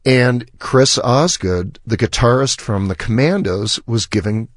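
On a radio show, a musician guest narrates a lengthy story, animatedly voicing what each person said. He speaks at a measured pace in a medium pitch, and the sound is clean studio audio with no room sound.

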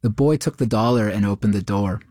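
Man reading a story, lowish voice. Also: dry recording, clean studio sound. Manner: steady, measured narration. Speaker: narrator.

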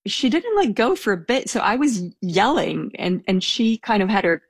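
A woman's voice: mid-range voice, big pitch swings, normal speed, husky, no echo. A young woman telling a personal anecdote in a casual, hesitant way, with small laughs. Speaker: storyteller guest.

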